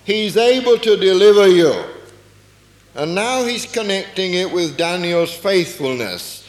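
A man's voice: sits high, expressive, unhurried. A man preaching a sermon, explaining a Bible passage earnestly and often asking rhetorical questions. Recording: echoey hall with long reverb.

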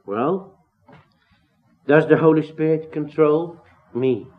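A man's voice: on the high side, slow pace. A man preaching an expository sermon, earnest and emphatic, with rhetorical questions and rising exclamations. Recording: tinny phone-like sound.

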